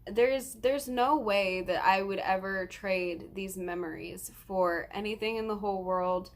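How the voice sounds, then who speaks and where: A woman's voice: medium pitch, a little slow. A nineteen-year-old woman vlogging, earnest and rambling with lots of ums, close to tears as she talks. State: tearful, close to crying. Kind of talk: emotional personal vlog.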